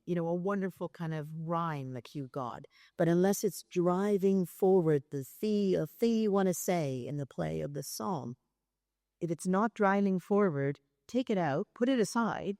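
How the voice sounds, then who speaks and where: A woman's voice: on the low side, darkish tone, dry recording, clean studio sound. A woman, a theatre director and guest, explaining ideas in a thoughtful, sometimes hesitant way during an on-stage conversation.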